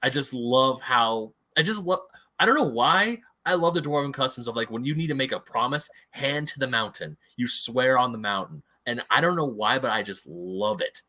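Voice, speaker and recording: A man co-hosting a podcast, gushing and excitable as he chats in a casual discussion. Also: medium pitch, normal speed. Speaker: podcast co-host.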